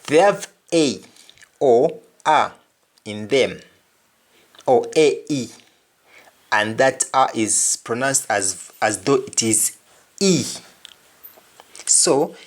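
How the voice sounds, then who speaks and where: A man giving a pronunciation lesson at a very slow, careful pace. He says each word and then says it again, and his pitch rises and falls widely from word to word. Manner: deliberate, says each word twice to contrast sounds. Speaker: pronunciation teacher.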